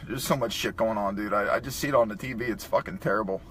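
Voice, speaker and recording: A man's voice: fairly low pitch, fast talker, fairly bright tone, slight background noise. A man talking emotionally in a profane vlog, crying and choked up as he speaks. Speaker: vlogger.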